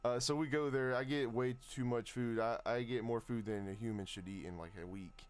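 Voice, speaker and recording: A young man in his twenties hosts a casual podcast chat at a middle pitch. He tells his stories in a loose, laid-back ramble, full of "uh" and "like" and restarts. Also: fairly even intonation, fairly quick, clean tone. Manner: laid-back, rambling storyteller with many fillers. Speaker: podcast host.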